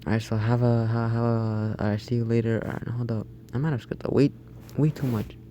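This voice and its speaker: A man's voice: medium pitch, flat delivery, a little fast, mellow, a little hiss or hum. A young man telling a story over gameplay in a casual, rambling way, often restarting his sentences. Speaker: gaming YouTuber.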